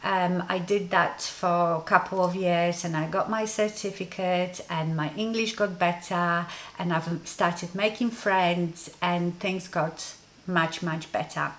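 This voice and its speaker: A woman's voice: fairly low pitch, steady tone, takes it slowly, fairly bright tone. A woman from Poland with a Polish accent, a native Polish speaker, telling a personal story to her viewers in a rambling, conversational way, full of ums. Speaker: beauty vlogger. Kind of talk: casual story-time monologue.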